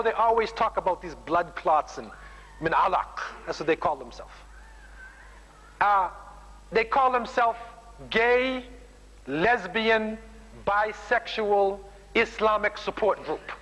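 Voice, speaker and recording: A man's voice: high voice, expressive, slow pace, long pauses, fairly bright tone, long reverb tail, low-quality recording. A man preaching a sermon, emphatic, keeps ending lines with "man.". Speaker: Muslim preacher.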